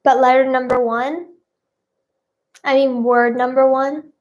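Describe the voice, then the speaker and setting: A woman's voice: high voice, flat delivery, a little slow, darkish tone, highs cut off. A woman hosting a playful live stream, chatting to viewers and reading out their guesses in a bubbly way. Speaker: livestream host.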